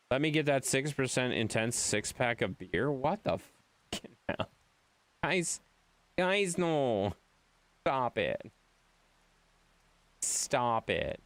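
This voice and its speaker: Sex: man. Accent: Wisconsin. Role: game streamer. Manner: mock-exasperated, lively pitch. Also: measured pace, clear, resonant tone, no echo. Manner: playful, mock-exasperated, reads and answers chat. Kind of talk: live-stream chat banter.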